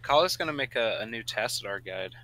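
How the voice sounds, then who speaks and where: Bright-voiced teasing male co-host. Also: medium pitch, lively intonation, fairly quick, slight background noise, rough recording. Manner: teasing, wisecracking. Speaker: podcast co-host. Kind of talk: casual podcast banter.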